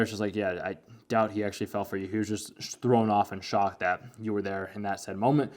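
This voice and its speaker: A young man with a fairly low voice talks through an anime in a loose, casual way. He rambles and leans on "like" at every turn, thinking out loud as he goes. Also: steady tone, quick pace. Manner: rambling, full of "like" fillers. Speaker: anime commentator.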